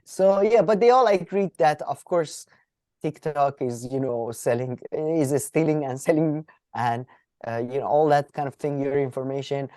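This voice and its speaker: A man co-hosting a casual political podcast, animated and mocking, his voice jumping high when he gets riled. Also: moderate pace, no room sound, studio quality. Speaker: podcast co-host.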